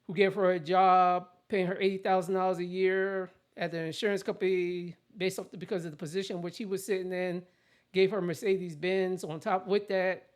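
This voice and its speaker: A host delivering casual political commentary in a blunt, opinionated rant. The voice sits in a middle pitch and talks in plain everyday terms. Sentences often break off and start again. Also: level tone, moderate pace.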